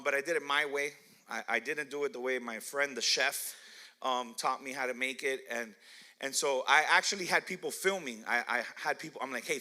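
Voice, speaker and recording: A man's voice: on the high side, bright, forceful tone. A middle-aged man pastor telling playful, self-mocking stories in a sermon, laughing often and asking the crowd questions. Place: church hall.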